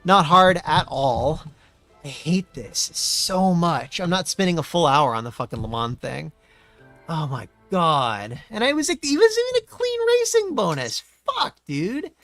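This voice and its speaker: A man streaming a racing game, commenting as he plays with constant profanity, exasperated ranting and sudden yelled outbursts. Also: a little high, sing-song, measured pace, dry recording, faint music behind. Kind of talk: live gameplay commentary.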